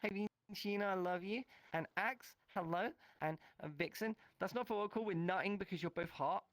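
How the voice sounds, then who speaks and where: A man's voice: sits high, normal speed, fairly bright tone, dry recording. A male streamer in casual chat, playful and teasing as he greets his viewers.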